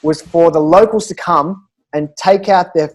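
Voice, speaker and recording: An Australian man, a stand-up comedian, telling animated stories in casual chat with quick restarts and laughs. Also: a little high. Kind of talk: casual storytelling.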